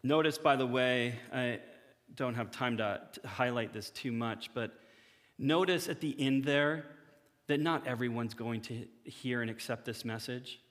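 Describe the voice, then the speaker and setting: A male pastor giving a conversational sermon to his church, often acting out quick imagined dialogues. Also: mid-range voice, fairly bright tone, long reverb tail.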